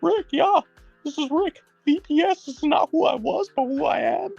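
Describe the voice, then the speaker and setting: A man putting on a squeaky, high voice to play a boastful grown man who makes threats and cackles. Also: normal speed, creaky, darkish tone, highs cut off, faint music behind. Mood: boastful threatening. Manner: bragging, menacing, cackling.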